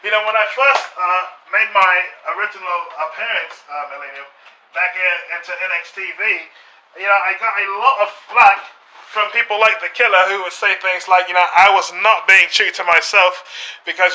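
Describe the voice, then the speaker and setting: A British man talking as a podcast guest, staying in character and speaking haltingly, with many fillers and restarts. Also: high-pitched, bright, forceful tone, low-quality recording.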